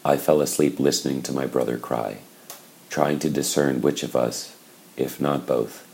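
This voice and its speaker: A man reading a first-person novel aloud in a slow, measured, somber way. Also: extremely low pitch, fairly even intonation, creaky, a little mellow. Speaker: audiobook narrator. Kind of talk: scripted first-person narration.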